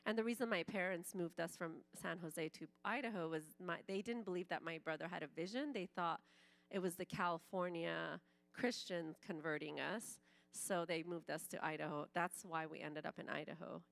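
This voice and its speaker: A woman's voice: fairly low pitch, fairly even intonation, moderate pace, creaky. A woman in her forties, raised in Iran and a native Farsi speaker, tells her testimony at church in a chatty storytelling way. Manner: conversational storytelling, frequent "like", acts out quoted speech.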